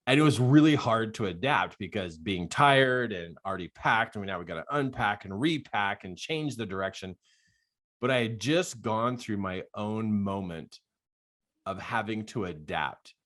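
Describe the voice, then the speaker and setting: An older man, a life coach, telling stories in an animated podcast monologue and laughing often. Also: on the low side, moderate pace.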